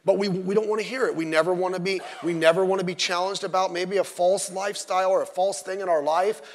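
A middle-aged man preaching a sermon as pastor, animated and digressive, with joking asides. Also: high-pitched. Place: church sanctuary. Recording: long church-hall reverb.

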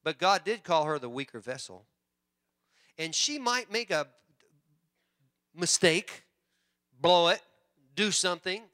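A man pastor preaching a sermon in church, animated and joking with the congregation. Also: high-pitched, measured pace, long pauses. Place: church sanctuary.

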